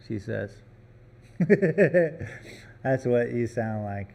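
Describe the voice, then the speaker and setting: A man's voice: lowish voice, fairly even intonation, very slow, creaky, pauses often, dark tone. A man chatting casually on a live stream from a gallery workroom, joking around and teasing his puppy between comments.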